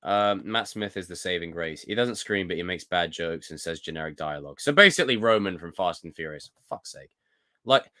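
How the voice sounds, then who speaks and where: A young British man hosting a casual live stream, reading viewer comments and reacting in a jokey, animated way. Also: fairly low pitch, moderate pace. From United Kingdom. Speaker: livestream host.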